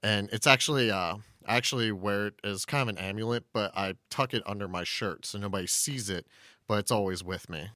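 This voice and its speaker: Bright-voiced male player thinking aloud. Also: lowish voice, a little fast, dry recording, studio quality. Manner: relaxed, thinking aloud with fillers. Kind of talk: casual tabletop role-play.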